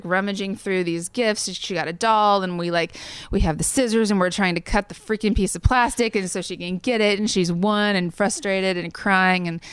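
A songwriter in her thirties tells a personal story in a casual interview, her medium-pitched voice smooth and free of echo. She's chatty and earnest, leaning heavily on "like" as a filler.

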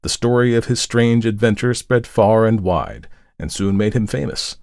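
A hoarse man narrates a folk tale in a measured, solemn tone. His voice is very low and gravelly with a lot of fry. The sound is dry and close. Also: a little mellow, no room sound. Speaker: podcast host and narrator. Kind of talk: scripted story narration.

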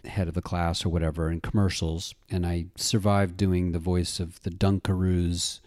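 A middle-aged man in a casual interview, telling stories in an animated way and acting out the people he quotes. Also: low voice, normal speed, no room sound, studio quality. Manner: animated storyteller, acts out quoted voices. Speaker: interview guest, actor-writer-director.

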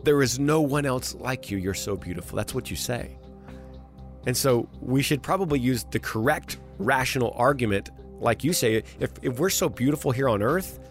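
A man with a mid-range voice hosts a late-night radio show. He answers callers in an earnest, reflective manner, with light music playing behind him. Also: mid-range voice. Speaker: radio host.

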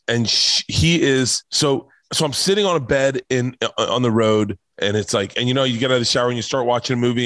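A man's voice: medium pitch, fairly bright tone, no room sound. Middle-aged man, loose profane storyteller, emotional, dry close mic. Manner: rambling, profane, gets emotional and choked up. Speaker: comedian guest on a podcast. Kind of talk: casual storytelling chat.

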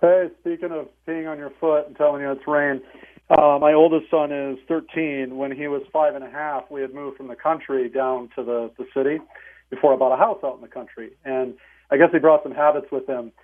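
Guy in his 40s calling in, tinny phone line, dry wry storyteller, voice on the high side. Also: steady tone, a little fast. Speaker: caller.

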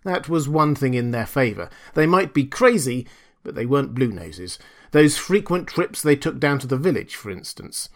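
A man's voice: mid-range voice, lively intonation, normal speed. Man narrating a story. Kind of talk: scripted audiobook narration.

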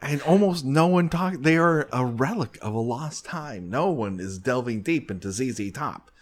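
Male podcast host, lively pitch, jokey and animated. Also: a little slow. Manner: joking, animated, frequent laughs. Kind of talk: casual comedic chat.

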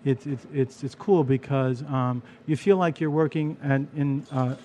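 A man, a bartender telling stories in casual chat, animated and full of restarts. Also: mid-range voice, a little slow, a little hiss or hum. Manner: animated storyteller, frequent restarts. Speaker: bartender and storyteller.

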